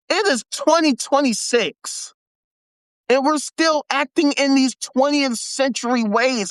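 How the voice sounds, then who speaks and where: A man from the United States hosting a live stream, talking in a casual, animated, heavily profane and slangy rant, often repeating himself for emphasis. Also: extremely high pitch, moderate pace, dry recording. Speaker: host.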